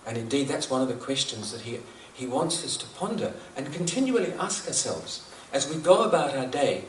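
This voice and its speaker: Speaking at normal speed in a very animated mid-range voice, this man from New Zealand shares spiritual teachings in a reflective talk. He's earnest, repeats himself, and laughs at his own jokes. Slight background noise sits under an echoey room sound, and he's distant from the microphone.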